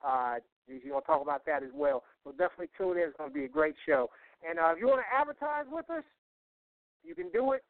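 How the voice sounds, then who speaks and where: A man's voice: fairly high pitch, very animated, quick pace, no room sound. A man co-hosting a talk radio show, rambling through plugs with lots of fillers, chuckles and restarts. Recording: tinny phone-line sound.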